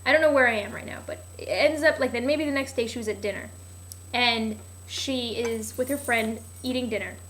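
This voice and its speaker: A woman's voice: fairly high pitch, a little fast, fairly bright tone, slight background noise. A young woman vlogging a casual, rambling recap of a TV show, sarcastic and full of "like", often losing her place.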